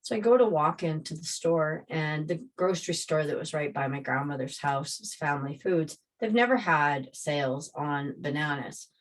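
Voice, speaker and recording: A woman casually telling a personal story, rambling and animated as she re-enacts scenes. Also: sits low, moderate pace, few pauses.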